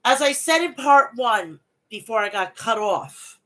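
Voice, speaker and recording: A woman's voice: on the high side, expressive, unhurried, pushed and bright, poor audio. A woman hosting her own wrestling review show, ranting heatedly and bluntly with plenty of swearing. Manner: reads event recap aloud. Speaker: wrestling podcast host.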